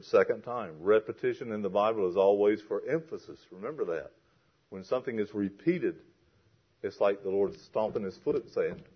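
A man's voice: lowish voice, expressive, normal speed, long pauses, husky, highs cut off. A man preaching a sermon and reading scripture aloud with strong emphasis. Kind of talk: expository sermon.

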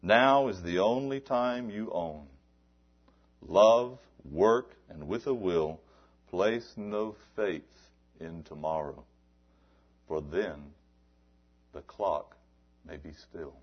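A low-voiced man preaching a fiery sermon, slipping from hushed, dropped asides into loud shouted appeals. He presses his point with repeated rhetorical questions. The recording is dull and lo-fi. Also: takes it slowly, pauses often. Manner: swings from low murmurs to loud shouted exhortation.

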